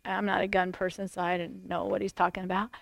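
A woman's voice: lowish voice, quick pace, vocal fry, no echo. Dry-voiced woman preaching a testimony. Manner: animated storytelling with fillers. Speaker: pastor. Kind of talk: sermon testimony.

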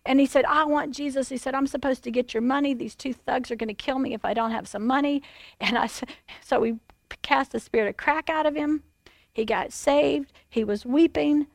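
A middle-aged woman pastor telling a personal testimony in a sermon, animated and full of fillers. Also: high-pitched, normal speed, vocal fry, dry recording.

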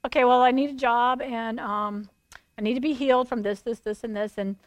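A woman's voice: a little high, steady tone, a little fast, no echo, natural voice. A woman voicing a self-absorbed married man who prays in a rambling, distracted way.

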